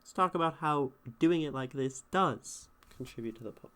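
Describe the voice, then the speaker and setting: A man's voice: a little high, moderate pace, fairly bright tone. A man streaming live, talking through a poem's meter in a casual, thinking-aloud way and sounding out rhythms. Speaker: streamer critiquing poetry.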